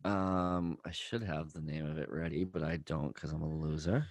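A young man co-hosting a casual podcast, teasing his co-host deadpan and putting himself down. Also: rumbling low, moderate pace, no room sound. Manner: deadpan teasing, self-deprecating.

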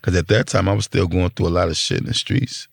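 A man's voice: deep voice, steady tone, quick pace, gravelly, breathy edge, no room sound, clean studio sound. A middle-aged man with a New York accent, telling a street story in blunt, profane casual talk. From Brooklyn, New York. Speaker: rapper interviewee.

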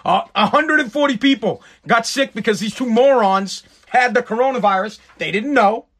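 Brief: high-pitched man for a blunt, profane, sarcastic rant to camera. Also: normal speed, a bit bright. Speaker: commentator. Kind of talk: profane ranting commentary.

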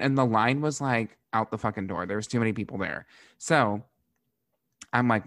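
Animated, profane young man telling stories. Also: mid-range voice, a little fast, no echo, clean studio sound. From Florida. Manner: animated, profane, laughs often. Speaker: podcast host, drag performer. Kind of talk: casual storytelling.

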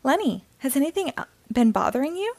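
A woman's voice: high-pitched, big pitch swings, brisk, darkish tone, no echo, voice pushed up. A woman voicing a cheerful young girl who plays toy doctor, eager and caring.

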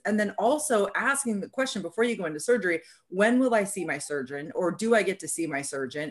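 A woman hosting a casual podcast chat, talking in an encouraging, conversational way and often restarting her phrases. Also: mid-range voice. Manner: encouraging, conversational, repeats words when restarting. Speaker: host.

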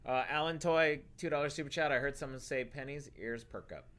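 A man's voice: mid-range voice, brisk, fairly bright tone. A man co-hosting a livestream, reading viewer messages aloud in an easygoing way. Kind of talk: casual livestream chat.

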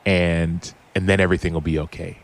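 This podcast guest, a former football player in his thirties, shares a personal story with earnest openness, restarting often while recounting what people said. His voice sits low with a flat delivery and a fairly quick pace. There's slight background noise.

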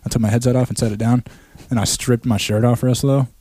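A young man co-hosting a podcast, telling animated stories full of swearing and acted-out quotes. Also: mid-range voice, fast, slightly rough. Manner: animated storyteller, acts out quotes, heavy swearing. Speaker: podcast co-host. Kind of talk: casual chat.

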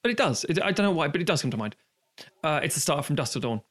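A man's voice: a little high, sing-song, a bit bright. A man co-hosting a podcast in casual chat, with a jokey, teasing way of talking. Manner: jokey, teasing, quick asides. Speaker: podcast co-host.

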